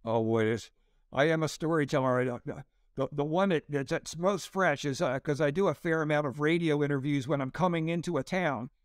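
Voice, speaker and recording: A man's voice: on the high side, brisk, clear, resonant tone, no room sound, clean studio sound. A man in his sixties, a pastor and comedian, telling a story as an interview guest and acting out the quotes with a raised voice.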